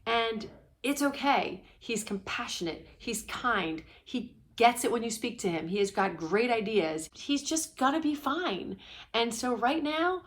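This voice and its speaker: Animated mom vlogger, sometimes whispering. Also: female voice, a little high, measured pace. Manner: animated storytelling, at times dropping to a whisper. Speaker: parenting coach for ADHD families. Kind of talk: casual confiding vlog. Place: indoors at home.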